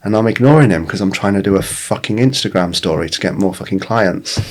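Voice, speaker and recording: A man in his forties with a very low voice talks candidly on a podcast. He tells personal stories in a loose, unscripted way, swearing freely and often restarting his sentences. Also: fairly quick. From England. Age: 40s. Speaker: podcast guest, life coach. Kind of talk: casual conversational storytelling.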